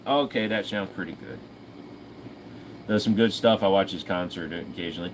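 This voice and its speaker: A man's voice: sits low, moderate pace, long pauses, a little hiss or hum. A man with a Southern US accent hosting a firearms livestream in a rambling, profane, self-mocking casual chat. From Virginia, US.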